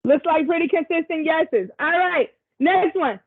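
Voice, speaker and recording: High-voiced woman on a tinny call. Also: a little slow. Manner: chatty, encouraging, drawls casual asides. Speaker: workshop presenter. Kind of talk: facilitating a virtual workshop. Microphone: video call. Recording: tinny video call audio.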